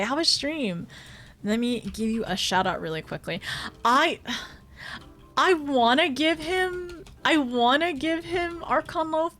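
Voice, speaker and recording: A woman's voice: high-pitched, a bit bright. A young woman streaming a game, chatting casually with her viewers in a bubbly, giggly way. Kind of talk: casual live-stream gameplay chat.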